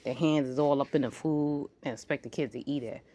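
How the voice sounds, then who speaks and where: Talking a little fast in a low-sitting voice, this woman in her forties rambles through a casual vlog, skipping from one topic to the next. She's lively and readily acts out the lines she quotes.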